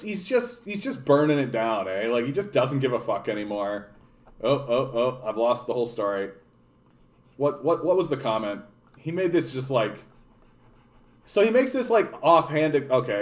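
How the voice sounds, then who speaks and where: A man's voice: mid-range voice, expressive, moderate pace. A young Canadian man ranting in a political vlog, rambling and sarcastic, with frequent swearing and restarts. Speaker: political commentator.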